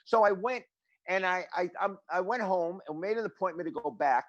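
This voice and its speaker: An older man, a guest drummer telling stories in a casual interview, animated and rambling with many restarts. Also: sits high, brisk, dry recording, muffled recording.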